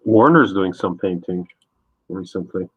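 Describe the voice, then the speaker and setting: Laid-back husky man chatting on stream. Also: deep voice, expressive, a little slow, no room sound. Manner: rambling, laid-back, frequent fillers. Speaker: streaming artist host. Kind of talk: casual chat while painting. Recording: tinny phone-like sound, dry.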